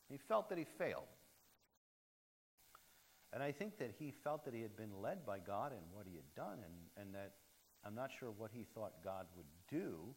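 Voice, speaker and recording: Low-voiced guy preaching, chatty and rambling, echoey big room. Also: sing-song, moderate pace, breathy edge. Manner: conversational, musing, many fillers and restarts. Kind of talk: sermon. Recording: reverberant hall.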